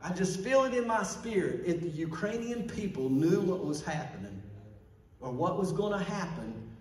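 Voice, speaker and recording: A man's voice: sits high, big pitch swings, moderate pace. A man preaching a sermon as pastor, fervent, calling out to the congregation for responses. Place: church sanctuary. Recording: echoey church from far off.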